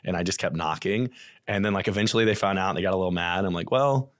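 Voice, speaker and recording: A man in his thirties from the Midwest with a Midwestern accent, a chatty podcast guest telling his story with animated quoted asides. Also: sits low, rapid-fire, no room sound, studio quality. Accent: American Midwest. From St. Louis area, USA. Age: 30s. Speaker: podcast guest, real estate investor. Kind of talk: casual podcast interview.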